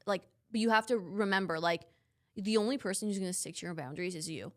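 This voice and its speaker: A woman's voice: mid-range voice, fast. A young woman co-hosting a podcast, talking in a reflective, casual way with lots of "like". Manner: reflective, heavy use of "like". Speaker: podcast co-host. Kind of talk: casual chat.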